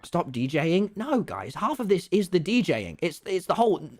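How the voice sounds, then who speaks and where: A man's voice: high voice, very animated, moderate pace, faint music behind. A young British man in his late teens, a streamer telling a rambling, self-deprecating story on his livestream.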